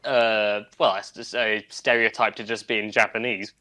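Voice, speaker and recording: A man's voice: on the low side, little pitch movement, moderate pace, pushed and bright. A man co-hosting a podcast in casual chat, with a slightly posh way of talking, rambling and laughing often. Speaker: podcast co-host.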